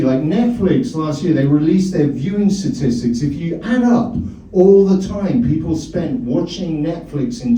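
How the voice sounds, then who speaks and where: A man's voice: a little high, dark tone, slight background noise. A male stand-up comedian in a comedy club, rambling and teasing the audience. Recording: echoey club from a distance.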